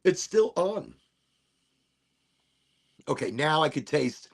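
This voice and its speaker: A middle-aged man rambles through a casual livestream chat while high, laughing and poking fun at himself. His voice is gravelly and a little husky, sits fairly high for a man, and swoops widely in pitch. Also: animated, slow. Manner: rambling, laughing, self-mocking. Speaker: livestream host.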